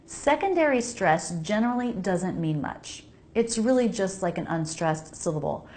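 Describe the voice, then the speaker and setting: A woman's voice: fairly low pitch, darkish tone. An American woman giving an English pronunciation lesson, carefully modeling each sound and repeating words for viewers to say along. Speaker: pronunciation teacher. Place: home laundry area.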